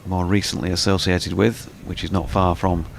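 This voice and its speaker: A male cricket co-commentator with a fairly low voice talks through the match. He fills the gaps with background and dry, wry anecdotes. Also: flat delivery, moderate pace, creaky, a little hiss or hum. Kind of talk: live cricket commentary and chat.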